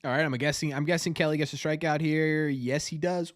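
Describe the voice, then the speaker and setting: A man hosting a fan show, commenting live on a game as he watches, nervous and excitable, repeating his cheers. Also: on the high side, a little fast, no echo, studio quality.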